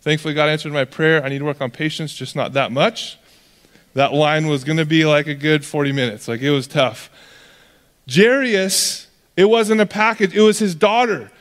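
Young male pastor, conversational sermon, fairly high voice, long church hall reverb. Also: moderate pace. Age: young adult. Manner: conversational, animated, acts out characters.

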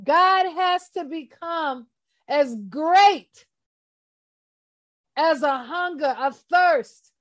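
Woman bible teacher, high voice, unhurried delivery, passionate and emphatic casual sermon. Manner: impassioned, emphatic, talks straight to listeners.

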